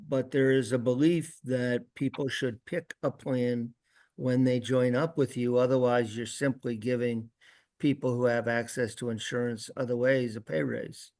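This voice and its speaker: A man advising a committee in a meeting, measured and explanatory. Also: medium pitch, a little mellow, dry recording. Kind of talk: meeting discussion.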